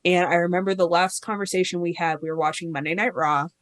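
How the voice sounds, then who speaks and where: A woman in her thirties, appearing as a podcast guest, tells her story candidly and ramblingly, acting out the voices of people she quotes. Her voice is on the low side, fast, fairly even in intonation, and free of echo.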